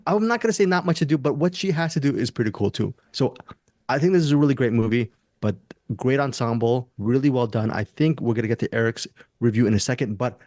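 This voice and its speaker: A man's voice: medium pitch, a little mellow, no echo, clean studio sound. A man hosting a casual movie review podcast, talking enthusiastically and rambling with restarts. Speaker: podcast host.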